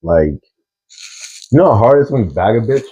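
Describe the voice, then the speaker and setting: A man's voice: lowish voice, lively intonation, moderate pace, warm tone, breathy edge, highs cut off. A young man co-hosting a podcast, telling rambling, filler-heavy stories in casual chat. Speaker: podcast co-host.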